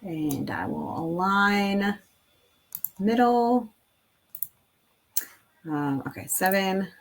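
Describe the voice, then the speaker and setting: A woman's voice: mid-range voice, very slow. A woman in her thirties chatting casually and rambling with laughs while making a craft design on screen. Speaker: craft video creator. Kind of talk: casual screen-recording chat.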